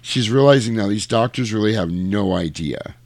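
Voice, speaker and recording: A man's voice: on the low side, moderate pace, darkish tone, dry recording. A man co-hosting a podcast, casually recapping a movie in a rambling, profane way. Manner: rambling, profane, jumps between tangents and quoted lines. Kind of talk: casual chat.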